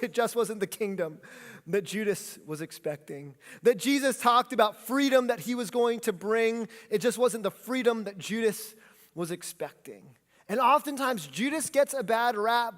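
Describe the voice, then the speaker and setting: A man preaching a sermon as pastor, with animated delivery, leading his congregation to repeat lines back. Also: high voice. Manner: animated preaching, leads congregation in call-and-response. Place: church sanctuary. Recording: long hall reverb.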